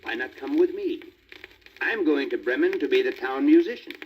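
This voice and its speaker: A good-hearted old donkey, friendly and encouraging, as a man puts him on. His voice moves lively up and down, heard on a dull, lightly crackling storybook record. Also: mid-range voice, normal speed, voice pushed up, natural voice. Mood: kindly. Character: kindly, hopeful old male donkey. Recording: muffled old vinyl record with faint static.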